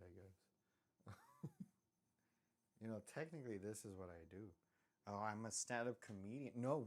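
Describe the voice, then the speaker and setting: A young man with a low-pitched voice chats on a livestream while he draws. He rambles from one joke to the next, cuts himself off and apologizes often, all in a relaxed streamer tone. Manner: self-interrupting, joking asides and frequent apologies. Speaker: live-drawing streamer.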